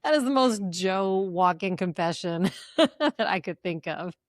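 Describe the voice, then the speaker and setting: A woman co-hosting a relaxed talk show. Her pitch moves up and down with lots of life, and she reacts with quick exclamations and laughter. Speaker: podcast co-host. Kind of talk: casual chat.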